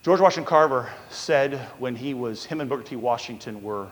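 A long reverb tail hangs on this pastor's medium-pitched voice as he preaches fairly quickly. He fills his sermon with stories, quoting people and acting them out in a raised voice.

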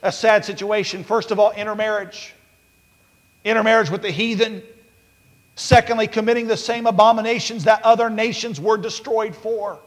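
High voiced pastor preaching, lots of uhs, gets loud, big reverb church. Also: male voice, fairly even intonation, moderate pace. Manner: preaching with rising shouts and repetition; filler-heavy, restarts. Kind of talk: sermon. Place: church sanctuary. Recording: long hall reverb.

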